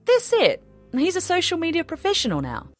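A woman giving a bright announcer-style delivery in a comedy sketch ad. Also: very high voice, wildly swooping pitch, a little fast, soft background music.

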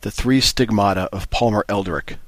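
Deep-voiced man reading passages. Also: normal speed, a bit bright, no room sound, rough recording. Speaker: reader of book excerpts.

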